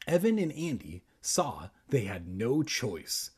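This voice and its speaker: A man's voice: medium pitch, sing-song, slow pace, hardly any pauses, darkish tone, breathy edge. A young man reading a children's book aloud for laughs, breaking off into crude, self-deprecating jokes. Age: young adult. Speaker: reader and comedian.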